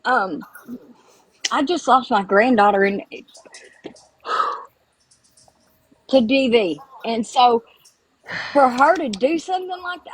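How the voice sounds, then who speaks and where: A woman's voice: on the high side, expressive, slow, long pauses, husky, poor audio. An older woman, calling into a live stream, emotional and rambling, close to tears.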